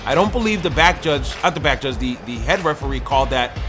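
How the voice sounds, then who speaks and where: Talking fast at a medium pitch, a man provides energetic commentary for a streamed football video game, often yelling and plainly angry about the officiating. Music plays behind him.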